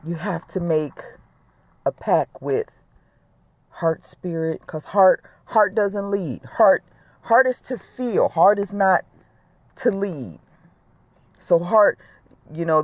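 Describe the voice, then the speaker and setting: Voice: medium pitch, no room sound. A middle-aged spiritual speaker giving an earnest, reflective monologue and repeating key words for emphasis.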